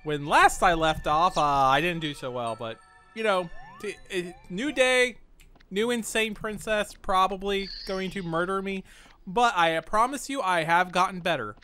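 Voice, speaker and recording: A man's voice: high voice, measured pace, sharp tone, faint music behind. A man narrating a horror game playthrough, joking and self-mocking as he talks to the characters on screen. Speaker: game host playing a horror game. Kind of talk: let's play commentary.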